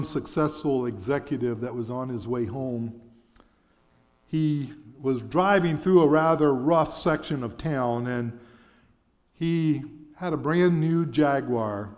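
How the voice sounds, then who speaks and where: A man preaching a sermon, telling a story in an earnest, measured way in a church sanctuary. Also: fairly high pitch. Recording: dull sound with long church reverb.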